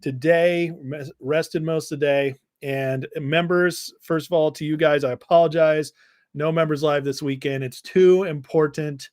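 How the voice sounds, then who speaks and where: A man hosting a live stream, chatting casually and greeting viewers by name with high energy. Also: measured pace, dry recording, clean studio sound. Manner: energetic, reads out viewer names in a rush. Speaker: livestream host.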